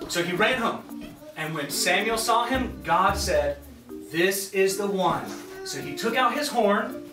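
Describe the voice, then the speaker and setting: A woman telling a Bible story to preschoolers, animated and coaxing the children to act it out with her. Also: mid-range voice, measured pace. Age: adult. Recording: echoey hall, distant mic, loud music.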